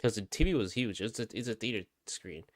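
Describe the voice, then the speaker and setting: A man's voice: on the low side, a little fast, no room sound, clean studio sound. A man casually telling a spooky story, rambling, repeating himself and swearing often. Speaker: vlogger.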